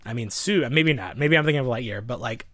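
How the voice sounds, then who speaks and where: A man's voice: medium pitch, fairly quick, a bit bright, no room sound, studio quality. A man co-hosting a casual podcast, rambling and laughing often as he chats. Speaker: podcast co-host.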